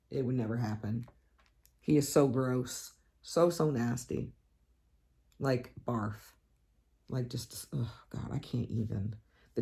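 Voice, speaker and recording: A woman hosting a crafting channel, chatting casually to her viewers in a blunt, animated, profane rant with dramatic swoops up in pitch for emphasis. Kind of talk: casual chat vlog.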